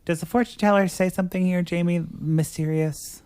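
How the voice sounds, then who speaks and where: A man's voice: high-pitched, fairly even intonation, fairly quick, darkish tone, clear, resonant tone. A man hosting a podcast, casually recapping a movie plot and filling his talk with "like". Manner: chatty, fills speech with "like". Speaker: podcast host.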